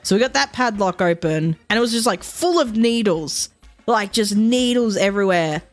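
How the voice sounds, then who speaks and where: A woman's voice: medium pitch, animated, moderate pace, soft background music. A young woman, telling a long story as a streamer, rambling with lots of fillers and quoted asides. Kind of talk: casual storytelling while streaming.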